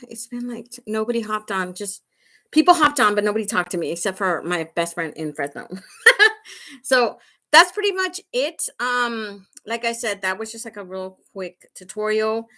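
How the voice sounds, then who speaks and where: Here a woman with a slightly high, fairly bright voice and lively intonation leads a live makeup tutorial at normal speed. Laughing frequently, she chats with her audience directly, tossing in "right?" and "okay?" as she goes.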